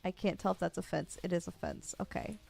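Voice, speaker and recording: A woman's voice: fairly low pitch, steady tone, fairly quick, creaky, a little mellow. A woman streamer giving playful, chatty commentary while playing a video game. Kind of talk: casual gameplay commentary.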